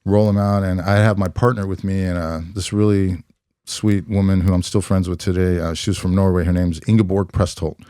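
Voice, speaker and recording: Deep, mellow-voiced man recalling his past. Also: little pitch movement, clean tone, dry recording, clean studio sound. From California, USA. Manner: reflective, unhurried, many "you know" fillers. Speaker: podcast guest, former police officer. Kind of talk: conversational storytelling.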